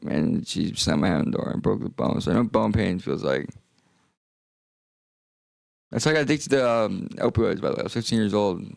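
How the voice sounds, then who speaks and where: A man's voice: lowish voice, animated, a little fast, creaky, pauses often, a little mellow, no echo. A young man streaming, rambling and joking in casual talk that trails off into mumbles.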